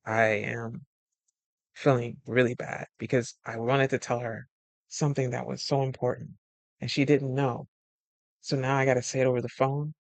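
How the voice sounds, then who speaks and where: Animated guy telling friend stories, laughs a lot, dry close sound. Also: mid-range voice, moderate pace, gravelly, no room sound. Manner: animated storyteller acting out quoted friends; chatty, laughs often. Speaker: life coach. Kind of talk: casual advice monologue.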